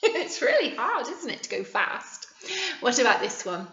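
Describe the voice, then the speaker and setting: A woman, a nursery teacher leading a playful, animated video lesson for small children. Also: fairly high pitch, a little slow. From England. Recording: echoey, slightly muffled room recording.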